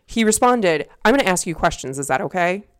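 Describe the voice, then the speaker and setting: A young woman co-hosting a podcast at a desk mic, telling a story in a lower, smooth, clear voice. She talks loosely, swearing freely and laughing between lines. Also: expressive, brisk. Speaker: podcast co-host. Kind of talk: casual chat.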